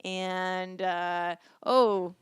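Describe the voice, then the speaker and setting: A woman's voice: fairly low pitch, fairly even intonation, extremely slow, smooth, no echo, studio quality. A young woman co-hosting a podcast in casual chat, playful and teasing. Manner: playful, teasing, breaks into bits and song. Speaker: podcast co-host.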